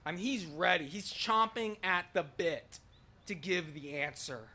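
A man preaching a sermon, his voice pitched high for a man. He reads scripture aloud, then talks it through with his listeners, rising to loud proclamation and dropping to soft, searching questions. The tone stays bright and forward throughout. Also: a little slow.

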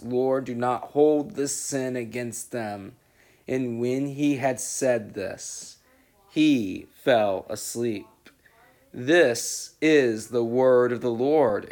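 A man reading scripture aloud in a measured, solemn way as the regular reader of a daily reading program. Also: mid-range voice, a little mellow. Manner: slow, measured, solemn delivery.

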